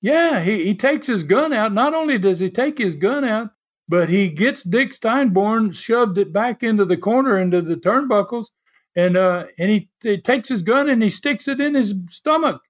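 A man's voice: high voice, expressive, normal speed. A man as an interview guest, telling a story in a casual, chatty way and laughing often. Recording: dull lo-fi sound.

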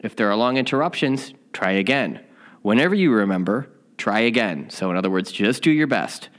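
A man's voice: lowish voice, animated, fairly quick, a bit bright. A man teaching a spiritual lesson, telling a candid story in a rambling, self-mocking way before reading the day's lesson.

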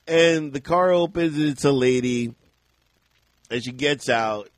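A man co-hosting a podcast, telling a story in a casual, animated way, laughing often and shouting out the lines he quotes. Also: a little high, normal speed, no room sound. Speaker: podcast co-host.

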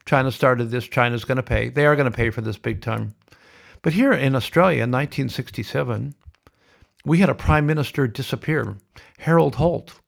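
A man's voice: mid-range voice, moderate pace, vocal fry. A middle-aged man hosting a podcast, delivering a blunt, sardonic, ranting monologue. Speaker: podcast host.

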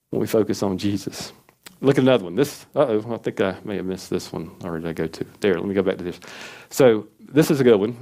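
A pastor with a gravelly yet mellow voice moves at a quick pace through an earnest, conversational sermon. He dramatizes the prayers he cites, raising his pitch as he does.

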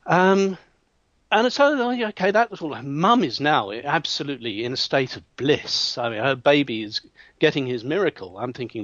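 Brief: man, hypnotherapist storyteller, animated, restarts, dull dry recording. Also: a little high, normal speed, dry recording. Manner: lively storyteller who acts out quoted voices, frequent restarts. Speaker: hypnotherapist telling a client story. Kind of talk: anecdotal storytelling in an interview.

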